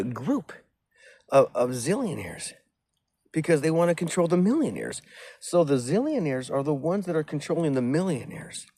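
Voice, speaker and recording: A man's voice: on the high side, darkish tone, no echo. A man in a rambling, agitated, profane monologue who keeps repeating himself.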